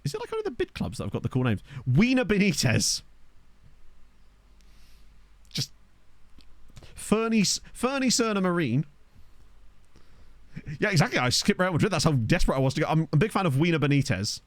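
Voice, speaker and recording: Fast-talking british guy streaming a football manager game, bouncy lively voice, dry close mic, chatty with his viewers. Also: fairly high pitch, no room sound. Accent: neutral British English. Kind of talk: casual live-stream chat. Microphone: desktop USB microphone.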